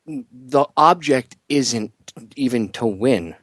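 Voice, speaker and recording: A man hosting a casual talk radio show, getting animated and jumping up in pitch when he jokes. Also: slow pace, no echo, studio quality. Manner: animated, voice jumps high when joking.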